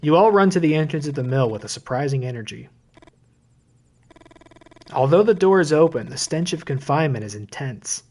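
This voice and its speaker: A man's voice: a little high, lively intonation, normal speed, long pauses, darkish tone. A man streaming a horror visual novel, reading the text aloud and breaking off into joking asides.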